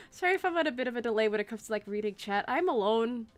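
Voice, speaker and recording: A woman's voice: fairly high pitch, animated, quick pace. Giggly rambling woman streamer. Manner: rambling, giggly, many fillers. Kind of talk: casual livestream chat. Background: faint background game music.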